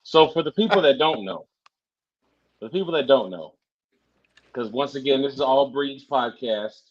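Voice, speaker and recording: A man's voice: mid-range voice, expressive, moderate pace, highs cut off. A man co-hosting a podcast, prompting the guest and repeating his phrases in casual chat. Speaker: podcast co-host.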